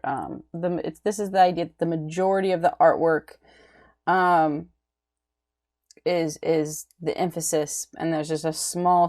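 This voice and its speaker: A woman teaching an art lecture, halting, with many ums and restarts, often checking in with "right?". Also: on the low side, dark tone. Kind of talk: recorded lecture.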